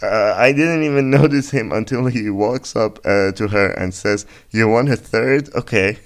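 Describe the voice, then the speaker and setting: A man's voice: on the low side, moderate pace. A man hosting a podcast, reading a listener's story aloud and breaking in with crude jokes and frequent laughter. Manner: laughs often, crude and joking asides. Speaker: podcast host. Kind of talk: casual comedic story reading.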